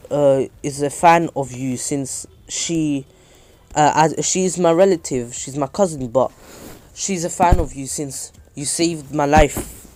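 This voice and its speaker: A man's voice: fairly high pitch, takes it slowly, a little mellow, a little hiss or hum. A man voicing a grateful, earnest young adventurer eager to please.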